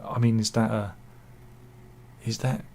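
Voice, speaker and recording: A man's voice: lowish voice, level tone, measured pace, gravelly, dark tone. A man giving casual satirical news commentary, full of wry self-mocking asides and mock-dramatic quips. He talks over pictures he shows. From England.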